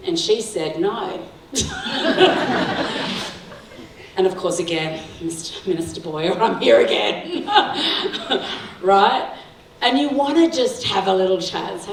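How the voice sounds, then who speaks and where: A woman's voice: mid-range voice, lively intonation, unhurried, long pauses, slight background noise. Middle-aged woman speaking in an echoey hall. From Sri Lanka. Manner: warm storytelling, laughs often, asks the audience "right?". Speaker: guest speaker. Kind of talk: talk to parents. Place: school hall. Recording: echoey hall, mic heard from a distance.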